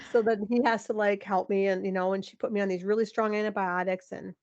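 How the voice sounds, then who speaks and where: A woman in her forties, a podcast guest, telling a personal story in an animated, emotional way, with lots of "like" and some laughter. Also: medium pitch, fast talker, highs cut off. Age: 40s. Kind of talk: candid interview storytelling.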